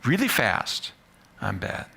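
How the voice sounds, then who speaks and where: Guy doing a stage talk, bright forceful voice, gravelly, jokes at his own expense. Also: medium pitch, slow pace. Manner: playful, self-mocking, animated. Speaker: psychology professor giving a talk. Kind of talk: live TEDx talk to an audience. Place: stage before a live audience.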